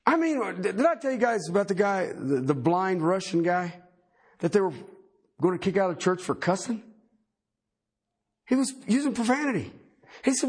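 A middle-aged man preaching a sermon in a folksy, animated way, with joking asides. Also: high-pitched, moderate pace, long pauses, husky. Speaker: pastor.

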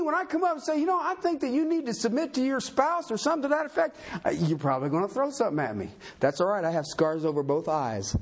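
A man preaching with a husky, fairly high voice. His pitch swings widely as he jokes at his own expense and fires rhetorical questions at the room. The delivery is folksy and conversational. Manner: folksy, self-deprecating humor with rhetorical questions. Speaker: pastor. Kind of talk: sermon.

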